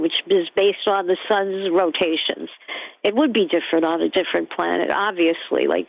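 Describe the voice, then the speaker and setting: A woman's voice: mid-range voice, dry recording. A woman calling into a talk show by phone, chatty and a little hesitant as she talks. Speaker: caller. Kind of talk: casual phone-in conversation. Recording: dull phone line.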